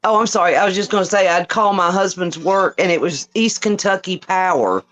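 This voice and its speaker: A woman in a casual chat, lively and playful, imitating how others talk. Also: lowish voice, brisk.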